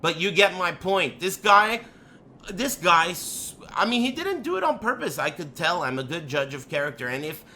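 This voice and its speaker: A man tells a story in a loose, profane rant, jumping from loud outbursts to low muttered asides. His voice sits high and swings widely in pitch. The tone is sharp and very bright. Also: big pitch swings, moderate pace, slight background noise. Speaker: storyteller on a live stream.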